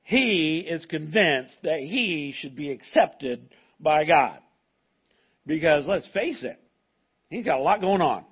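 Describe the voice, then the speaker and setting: A male pastor preaches to his church in a conversational, emphatic way, often restarting his sentences. His voice is husky and pitched a little high. The recording is dull and muffled. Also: lively intonation, slow. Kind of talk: sermon. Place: church service with a live congregation.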